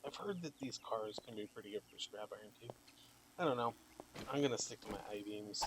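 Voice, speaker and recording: A man's voice: on the low side, fast talker, noisy background. Tired young man rambling over gameplay. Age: young adult. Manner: rambling, relaxed, many fillers. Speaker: gaming channel host. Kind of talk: casual gameplay commentary.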